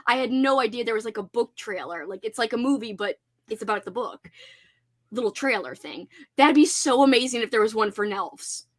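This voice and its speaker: A woman's voice: on the high side, animated, brisk. A young adult woman hosting a casual reading-sprint stream, chatting and laughing often. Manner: giggly, laughs often, playful voices. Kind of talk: casual chat.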